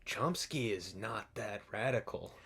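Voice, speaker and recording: A man's voice: on the low side, expressive, unhurried, creaky, fairly bright tone, husky. A young man, a university student, co-hosting a casual political podcast, hedging often and slipping into sarcastic impressions. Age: young adult. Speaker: podcast co-host.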